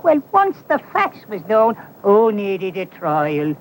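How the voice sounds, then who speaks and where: A man's voice: high voice, huge pitch swings, slight background noise, full character voice, poor audio. An actor playing a nervous small-town stable man in a 1970 western film, stammering and evasive. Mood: jittery. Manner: stammering, fast-talking, evasive.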